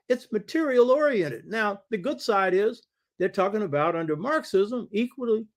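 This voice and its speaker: An older man with a slightly high voice speaks as the host of his own show. He delivers a lecture-style monologue from his home study. He talks emphatically and repeats phrases to drive points home. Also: lively intonation, moderate pace.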